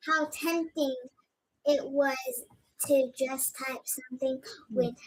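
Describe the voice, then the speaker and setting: A woman's voice: sits high, steady tone, slow, a little hiss or hum, rough recording. A woman speaking from off camera, playful and teasing, away from the mic. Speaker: off-camera co-host.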